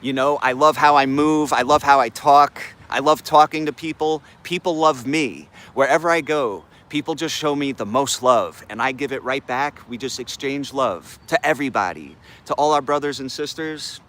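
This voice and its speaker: A man's voice: mid-range voice, moderate pace, few pauses, fairly bright tone. A man hosting a live morning affirmation stream, talking in laid-back slang and greeting chat viewers by name. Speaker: livestream host.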